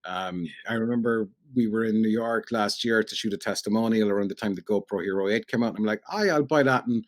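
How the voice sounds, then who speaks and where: A man's voice: lowish voice, level tone, fast, no echo. Chatty Irish man, dry close sound. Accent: Cork Irish. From Ireland. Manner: chatty storyteller, rambling with many "you know"s. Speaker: radio presenter and podcast guest. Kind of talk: casual podcast chat.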